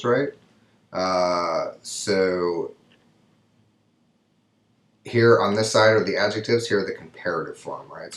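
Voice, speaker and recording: Deep-voiced man teaching grammar, echoey room. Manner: explanatory, frequent "right?" checks. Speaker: Spanish teacher. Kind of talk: recorded grammar lecture.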